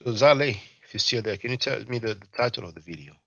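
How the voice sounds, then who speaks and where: A man hosting a livestream, commenting casually and talking in a halting way with many fillers and restarts. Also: lowish voice, expressive, fairly bright tone, no room sound, lo-fi sound. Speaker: livestream host.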